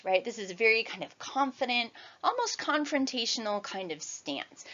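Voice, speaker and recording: A woman's voice: medium pitch, fairly bright tone, muffled recording. A woman in her forties giving a recorded university lecture in a conversational way, often checking in with "right?". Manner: conversational, tags sentences with "right?".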